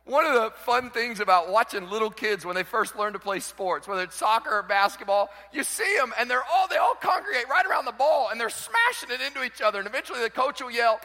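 Animated preacher man in a reverberant hall. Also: extremely high pitch, fast, few pauses. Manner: animated, acts out quoted voices, swings from soft to shouting. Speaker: pastor. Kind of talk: sermon.

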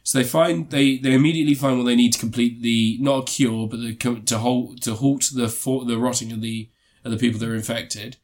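Casting: male co-host, casual rambling reviewer, mid pitch, loose chatty delivery. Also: fairly even intonation, a little fast, few pauses. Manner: rambling, frequent ums and restarts.

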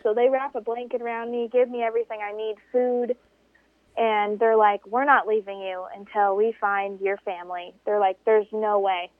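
An interview guest who does desert racing recounts a race at normal speed on a tinny phone connection with no room sound. Her storytelling is lively, with big pitch shifts as she impersonates the people she quotes.

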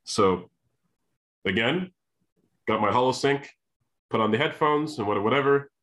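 A man telling a long personal story, animated, often restarting his sentences and acting out what people said. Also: mid-range voice, normal speed. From Canada. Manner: animated, repeats and restarts, acts out quoted voices. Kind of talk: storytelling monologue.

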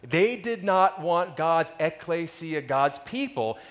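A pastor delivering an ad-libbed sermon as a history lesson, telling stories with playful asides. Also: male voice, on the high side, takes it slowly. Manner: animated, ad-libbing storyteller with playful asides.

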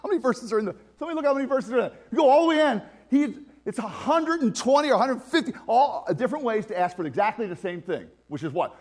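A man preaching a conversational sermon as pastor, animated and laughing often. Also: very high-pitched, fast talker.

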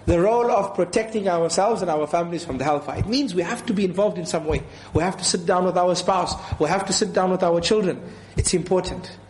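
A man's voice: high voice, roomy sound, rough recording. A man giving an earnest sermon as a preacher, repeating his key points and quoting scripture.

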